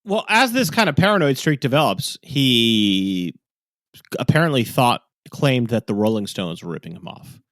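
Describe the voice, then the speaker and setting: A man's voice: mid-range voice, big pitch swings, normal speed, a bit bright, no echo. A man hosting a casual podcast chat, offering wry commentary. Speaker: podcast host.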